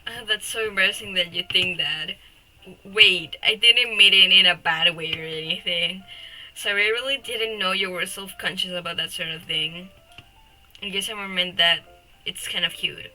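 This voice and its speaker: A woman's voice: fairly low pitch, moderate pace, bright, forceful tone, soft background music, poor audio. A young woman streaming live, chatting with her viewers, often giggling, teasing and swearing at her chat.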